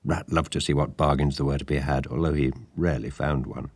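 A man with a very low voice reads a storybook aloud, measured and lively in his telling. The recording is close and dry, with no room sound. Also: husky, no echo. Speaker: audiobook narrator. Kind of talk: scripted storybook narration.

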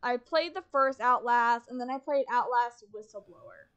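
A woman's voice: fairly high pitch, normal speed, fairly bright tone, clear, resonant tone, muffled recording. A woman streamer giving casual gameplay commentary, talking to herself in a chatty, wry and sarcastic way.

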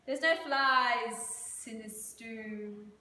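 A woman voicing a know-all male lizard who hisses his words slowly, heard in an echoey room. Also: a little high, steady tone, bright, forceful tone, exaggerated voice. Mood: scolding. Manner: slow, hissing.

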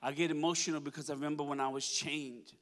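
Man, pastor, sermon, fairly high pitch, emotional, declaring. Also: steady tone, fast talker, fairly bright tone. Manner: emotional, declaring, calls on the congregation. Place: church service.

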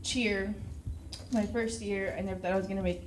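A woman's voice: mid-range voice, steady tone, moderate pace, slight background noise. A teenage girl with a Texan accent, a cheer captain giving a nervous, tearful thank-you speech. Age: teens. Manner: nervous, tearful, laughing between words. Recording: echoey room.

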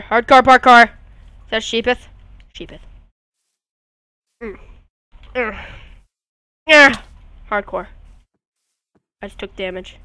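A woman's voice: medium pitch, bright, forceful tone, no echo. A woman giving casual commentary over her gameplay at home, rambling and goofy with sudden squeals. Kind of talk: casual let's-play commentary. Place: at home beside a friend.

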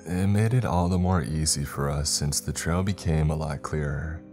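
A man narrating a horror story in a steady, measured way. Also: a bass voice, faint music behind. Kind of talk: scripted narration.

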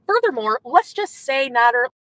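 A woman's voice: high voice, sing-song, normal speed, a bit bright, dry recording, rough recording. A woman streamer in a car, ranting furiously and profanely at an ex. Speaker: streamer in a played clip. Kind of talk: angry rant at an ex. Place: in a moving car.

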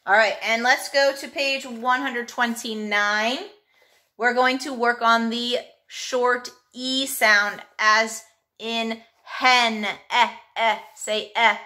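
A woman's voice: a little high, steady tone, slow, bright, forceful tone. A woman teaching a phonics workbook lesson to a child, sounding out letters patiently.

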